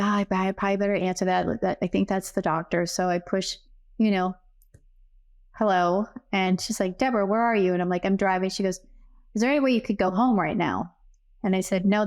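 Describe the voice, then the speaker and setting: A middle-aged woman speaking as an interview guest, with a voice of ordinary pitch. She tells her story earnestly, slipping into the voices of the people she remembers talking to. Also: smooth. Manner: earnest, acts out remembered dialogue. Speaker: podcast guest, psychic medium. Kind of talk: personal storytelling in a casual interview.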